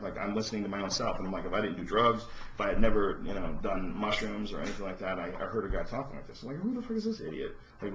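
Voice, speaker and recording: A man hosting a podcast, delivering a profane, impassioned monologue that rises into near-shouts. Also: fairly low pitch, slight background noise. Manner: profane, ranting, rising to shouts. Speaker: podcast host. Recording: roomy, dull lo-fi podcast audio.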